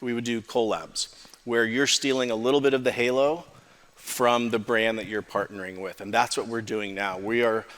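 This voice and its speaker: A man's voice: mid-range voice, steady tone, moderate pace, fairly bright tone. A male podcast host talking in an enthusiastic, conversational way, leaning hard on the word absolutely. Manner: enthusiastic, repeats "absolutely", restarts often. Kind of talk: conversational interview. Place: event stage with live audience. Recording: long reverb of a hall.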